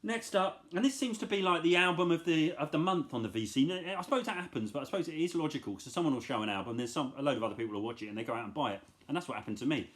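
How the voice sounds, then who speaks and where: A man's voice: on the high side, expressive, very fast, few pauses. A middle-aged man casually chatting about his record finds, enthusiastic and rambling, with self-deprecating asides. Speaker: vinyl collector vlogger. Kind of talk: casual chat.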